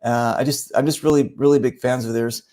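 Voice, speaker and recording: A man's voice: medium pitch, steady tone, fairly quick, a little mellow. A man hosting a casual online show, telling stories in a rambling way with many fillers and acting out other people's voices. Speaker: show host. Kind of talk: casual storytelling chat.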